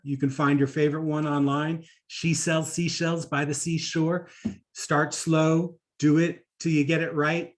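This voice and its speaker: A man giving a conversational conference talk on public speaking, animated, with frequent fillers and asides. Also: mid-range voice.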